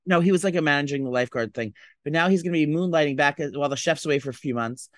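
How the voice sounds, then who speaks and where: A man's voice: fairly high pitch, dry recording, clean studio sound. A man co-hosting a podcast, chatting casually in a gossipy, dramatic way. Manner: gossipy, dramatic, quick-talking. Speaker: podcast co-host. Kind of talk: casual chat.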